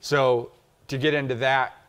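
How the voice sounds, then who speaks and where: A man's voice: medium pitch, flat delivery, unhurried, fairly bright tone, smooth. A man co-hosting a casual filmmaking chat, loose and joking but emphatic. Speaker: filmmaker co-host.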